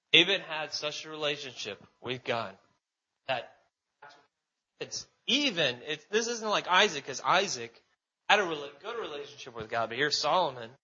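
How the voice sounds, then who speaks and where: A man's voice: on the high side, bright, forceful tone, highs cut off. A man preaching in a loose, conversational way, restarting his sentences and often adding fillers. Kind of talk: casual sermon.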